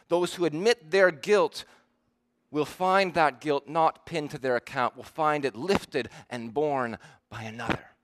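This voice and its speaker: Guy preaching a sermon, kinda high voice, earnest, leans hard on the verses. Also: background noise. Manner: earnest, emphatic, with slow stressed quotes.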